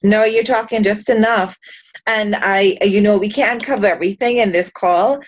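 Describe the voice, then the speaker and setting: A woman's voice: medium pitch, normal speed, lo-fi sound. A woman hosting a podcast interview, encouraging her guest with guiding questions. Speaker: podcast host.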